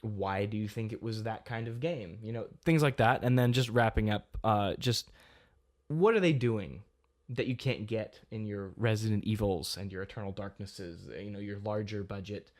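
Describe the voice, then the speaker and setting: Young dude cohosting a game podcast, rambly and chatty, laughs a lot. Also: male voice, fairly low pitch, moderate pace. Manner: animated, rambling, laughs often. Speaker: podcast co-host. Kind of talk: casual chat.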